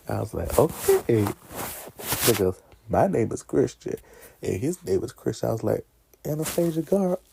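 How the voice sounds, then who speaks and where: A man in his twenties chatting casually in a vlog, animated, talking back to characters and laughing often. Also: lowish voice, slow, vocal fry, pauses often, background noise. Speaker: vlogger ranking favorite movies. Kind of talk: casual chat.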